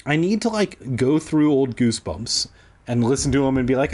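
A man's voice: medium pitch, lively intonation, fairly quick. A man reading a kids' book aloud for laughs, breaking off into profane, self-deprecating asides.

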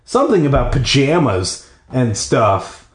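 Man reading a kids' book aloud, jokey profane asides, lively pitch, echoey bathroom. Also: a little slow. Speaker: podcast host reading a children's book aloud. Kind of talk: casual read-aloud with comic asides.

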